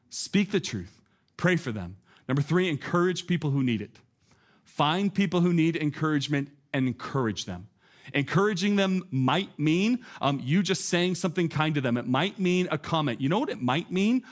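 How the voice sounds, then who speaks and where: Male pastor, slightly higher voice, chatty and animated sermon delivery. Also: normal speed. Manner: conversational, animated preaching with frequent "like" and asides.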